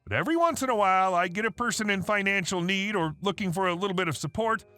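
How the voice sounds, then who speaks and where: A man's voice: high-pitched, expressive, fast, sharp tone, clean tone. Wry man narrating stories over faint music. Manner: wry, sarcastic storytelling. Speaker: story narrator. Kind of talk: reading online stories aloud.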